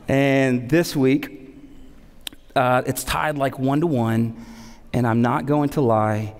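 A man in his thirties, a pastor preaching a sermon, animated and repeating key phrases for emphasis between humorous stories. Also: medium pitch, a little slow. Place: church sanctuary. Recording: long hall reverb.

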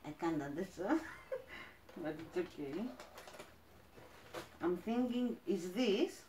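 A woman from Greece with a Greek accent, chatting as she unboxes plants, gushing and halting with fillers. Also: lowish voice, lively intonation, mellow, roomy sound, a little hiss or hum. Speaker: plant vlogger. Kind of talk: casual unboxing chat.

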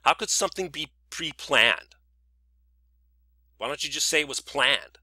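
A man vents in a sarcastic, indignant monologue, piling up rhetorical questions. His voice is strikingly bright and cutting. The sound is dry and close, with no room around it. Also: a little high, animated, measured pace, no room sound. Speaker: vlogger. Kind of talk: scripted ranting monologue.

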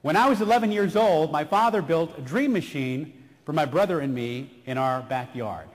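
A middle-aged man from San Antonio tells stories at a motivational keynote. His voice sits high and swings widely, and it rings out on a stage mic in a large hall with long reverb. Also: moderate pace. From San Antonio, Texas. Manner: animated storyteller, slips into character voices. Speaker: keynote speaker. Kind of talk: motivational keynote speech with storytelling.

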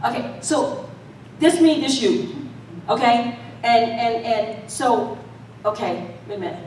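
High-voiced woman preaching in an echoey hall. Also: lively intonation, takes it slowly, a little mellow, slight background noise. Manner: playful, laughing, talks with the congregation. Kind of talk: conversational sermon. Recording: echoey church hall, mic at a distance.

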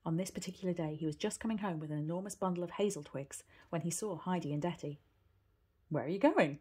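A woman's voice: fairly low pitch, quick pace, warm tone, breathy edge. A woman reading a children's classic aloud, narrating steadily and evenly. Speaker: reader. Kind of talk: storybook reading.

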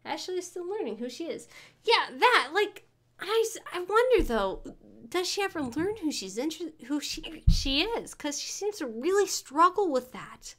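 Streamer, woman, high voice, slow unhurried delivery, rambling, keeps restarting her sentences. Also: fairly bright tone. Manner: rambling, with frequent self-interruptions and restarts. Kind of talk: casual livestream chat.

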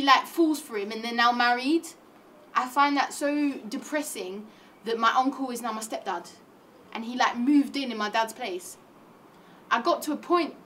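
High-voiced young woman telling a comic tale. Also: slight background noise. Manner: animated storytelling with slangy asides. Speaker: comedic performer. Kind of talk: comic monologue retelling a classic play in modern slang.

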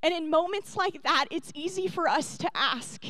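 A woman's voice: extremely high pitch, normal speed, few pauses, sharp tone, dry recording. A young woman pastor delivering a sermon, tender and earnest, building to emphatic peaks.

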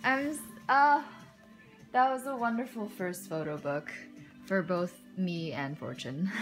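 A young woman casually commenting as she unboxes a photobook, gushing and excitable, with soft muttered asides between her exclamations. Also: medium pitch, slow, over music. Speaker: unboxing vlogger.

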